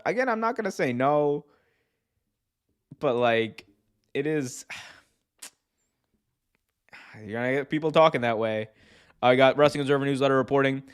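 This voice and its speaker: Excitable slangy wrestling podcast host man. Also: mid-range voice, smooth. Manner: excitable, laughs often, slangy. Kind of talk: casual chat.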